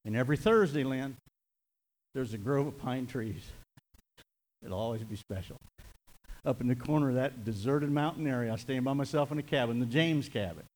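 A middle-aged man preaching a sermon as pastor, emotional and building to near-shouts on repeated lines. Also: medium pitch, poor audio. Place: church.

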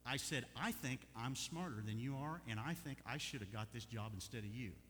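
A middle-aged man preaching a sermon, telling folksy stories with bursts of loud emphasis. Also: medium pitch, normal speed. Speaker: pastor. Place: church sanctuary. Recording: long church hall reverb, faint hum.

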